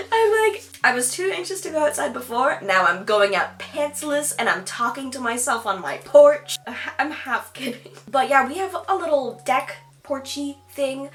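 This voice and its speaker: A woman with a rather high, fairly bright voice talks candidly in a casual at-home vlog. The YouTuber is chatty and self-deprecating, laughing a lot and saying "like" often.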